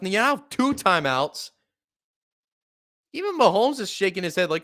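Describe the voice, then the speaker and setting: A man hosting a live fan play-by-play stream, calling the game casually and swearing freely, with big jumps in excitement. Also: high voice, moderate pace, pauses often. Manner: excitable, profane, shouting when upset. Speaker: sports podcast host.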